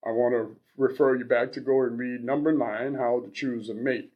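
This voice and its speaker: A man in his sixties reading aloud as an older male advice columnist, blunt and earnest, in a measured, preachy delivery. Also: mid-range voice, steady tone, dull audio, natural voice. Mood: advising. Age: 60s.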